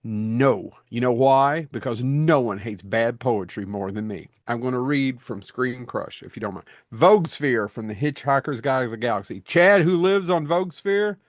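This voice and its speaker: A man's voice: medium pitch, lively intonation, normal speed, hardly any pauses, no room sound, studio quality. Ranting man on a podcast. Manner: ranting, emphatic. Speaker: podcast co-host. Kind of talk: casual panel chat.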